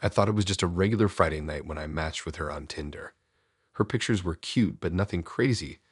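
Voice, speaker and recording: A man with an extremely deep, husky voice reads a first-person horror story slowly and somberly. The sound is dry and close, with no room around it. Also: dry recording. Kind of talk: scripted first-person narration.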